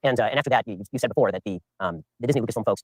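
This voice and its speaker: Male interviewer: quick, measured questions, low pitch. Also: no echo, poor audio.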